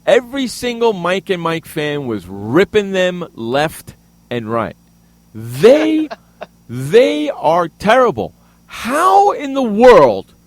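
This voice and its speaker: A man hosting a sports radio show, ranting angrily and loudly with plenty of profanity. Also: high voice, dry recording. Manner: loud, angry, profane ranting. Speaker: radio host. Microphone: studio microphone.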